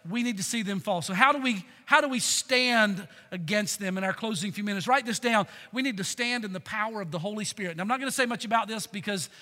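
A man's voice: high-pitched, fast, hardly any pauses, sharp tone. A man preaching a sermon, emphatic and stirring, calling the congregation to respond. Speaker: pastor. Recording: long hall reverb.

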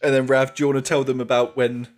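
A man recapping a film in casual chat, wry and deadpan, as a podcast co-host. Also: mid-range voice, fast.

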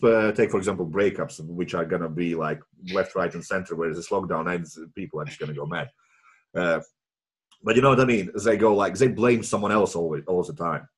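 Casting: low husky male guest, non-native English speaker, earnest, halting delivery. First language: not English. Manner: earnest, halting, restarts phrases. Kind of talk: casual chat.

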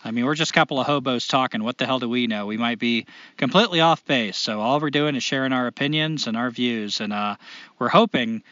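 A man co-hosting a casual podcast, joking and animated. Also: fairly quick, no echo, lo-fi sound. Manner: joking, animated, swings up in pitch. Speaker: podcast co-host.

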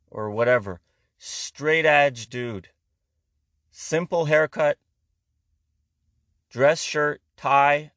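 A man's voice: mid-range voice, no room sound. A man, delivering a rambling, profane, sarcastic comedy rant. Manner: heavy swearing, rambling, sarcastic.

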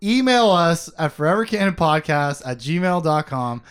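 A man's voice: on the high side, very animated, normal speed, clear, resonant tone. A man co-hosting a casual podcast, rambling and self-mocking, swearing freely as he recaps a story. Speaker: podcast co-host recapping a book.

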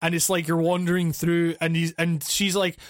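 A man with a fairly high voice co-hosting a casual podcast. He rambles through his points with many restarts and fillers, recorded dry with no room sound. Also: monotone, moderate pace, no echo. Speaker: podcast co-host.

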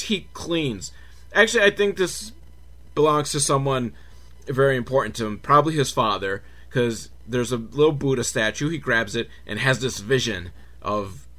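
A man hosting a podcast, riffing through a film recap in a loose, comedic ramble. He drifts off on tangents, corrects himself and curses casually. His bright voice swings up and down a lot. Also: fairly high pitch. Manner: rambling, sidetracked, self-correcting, swearing. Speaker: podcast host reviewing films.

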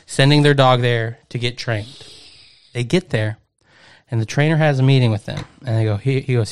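Young man, casual podcast co-host, rambling storyteller, mid-pitched voice, keeps saying no joke. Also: moderate pace, clean tone. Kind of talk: casual chat.

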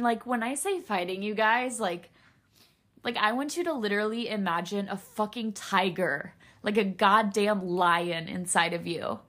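A woman hosts a solo podcast in a mid-range, fairly bright voice. She speaks rawly and candidly, swearing freely, emotional and close to tears.

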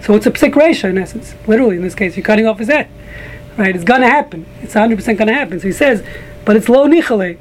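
A man's voice: high voice, lively intonation, very fast, rough recording. A man teaching a casual group Talmud class, rambling with frequent restarts and joking asides to a small room of listeners.

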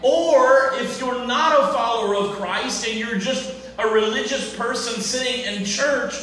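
A male pastor preaching a sermon in a church, speaking deliberately in short phrases, often repeating and restarting words. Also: extremely high pitch, pushed and bright, slight background noise. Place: church sanctuary. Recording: echoey church from far off.

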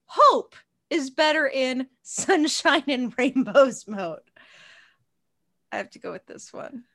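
A woman with a high voice talks slowly and casually while she hosts a comedy card game. She laughs often and swears bluntly. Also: animated, a bit bright. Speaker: podcast co-host.

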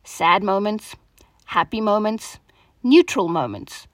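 A woman hosting a devotional talk, opening with prayer and then speaking in an earnest, gentle, reflective way, her voice softening at the ends of phrases. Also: mid-range voice, lively intonation, takes it slowly, dry recording, studio quality. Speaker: devotion host.

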